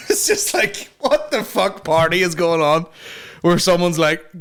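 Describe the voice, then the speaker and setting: A man's voice: high-pitched, big pitch swings, measured pace, a bit bright. A man hosting a comedy podcast, rambling through a casual rant and swearing constantly.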